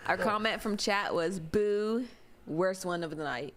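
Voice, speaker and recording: A woman's voice: medium pitch, unhurried, very noisy. A woman with an American Northern accent co-hosting a casual podcast game night, giggling and reading chat comments aloud. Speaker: podcast co-host.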